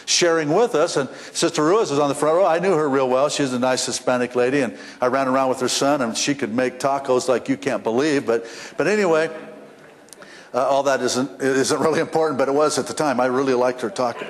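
A man's voice: mid-range voice, a little fast. A man preaching a sermon as the church's pastor, telling folksy stories with frequent restarts and repeated words. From western United States. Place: church sanctuary. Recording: long reverb of a church sanctuary.

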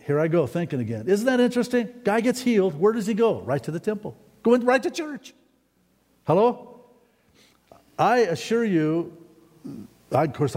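A man preaching a sermon in a folksy, rambling way, often climbing to excited, emphatic peaks. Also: medium pitch. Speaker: pastor. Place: church sanctuary. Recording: long hall reverb in a church.

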